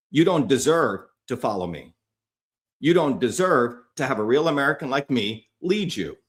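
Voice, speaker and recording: A man's voice: mid-range voice, a bit bright. A man hosting a livestream, delivering a heated, profane, combative rant at his viewers. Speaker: livestream host.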